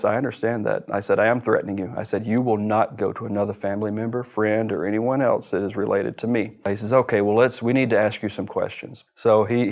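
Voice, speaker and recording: A man's voice: fairly low pitch, vocal fry, a little mellow. A middle-aged man from the United States, telling his own story as an interview guest in an earnest way, often repeating words. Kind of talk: personal storytelling.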